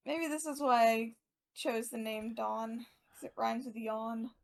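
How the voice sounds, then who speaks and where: Gravelly-voiced woman, chatty player. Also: fairly high pitch, measured pace, poor audio. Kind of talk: casual tabletop game chat.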